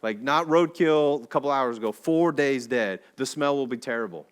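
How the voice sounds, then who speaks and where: A man preaching a sermon in a church, telling a story in a casual, animated way with slang and jokey asides. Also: medium pitch, normal speed, clear, resonant tone. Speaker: pastor. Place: church sanctuary.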